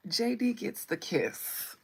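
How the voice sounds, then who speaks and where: A woman hosts a casual live stream as a tarot reader, answering her chat with sassy, teasing banter. Her voice has a gravelly edge and a husky, breathy texture. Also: fairly high pitch, sing-song, takes it slowly, a little mellow. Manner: sassy and playful, teasing viewers.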